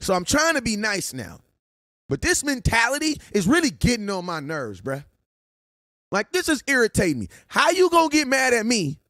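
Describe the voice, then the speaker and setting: A man's voice: very high-pitched, wildly swooping pitch, moderate pace, sharp tone, no echo, clean studio sound. A young man on a casual sports livestream, ranting, joking and laughing at his critics. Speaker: sports vlogger.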